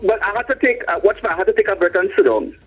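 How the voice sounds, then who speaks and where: A man's voice: high voice, very fast, slightly rough. A man co-hosting a bawdy comedy radio show, telling stories and acting out his callers. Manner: animated storyteller acting out callers. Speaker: radio co-host. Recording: narrow phone-like radio sound.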